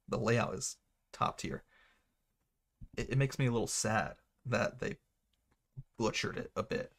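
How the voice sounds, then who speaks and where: A man's voice: mid-range voice, vocal fry, a bit bright. A man casually commentating a racing game livestream, chatty and self-mocking, with hiccups and a little wheezing. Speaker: streamer.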